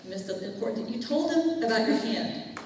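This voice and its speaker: A woman's voice: on the high side, lively intonation, brisk, a little mellow, slight background noise. Chatty woman in an echoey hall. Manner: chatty storytelling, acts out quoted dialogue. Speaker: church speaker. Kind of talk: testimony to a congregation. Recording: echoey hall, distant mic.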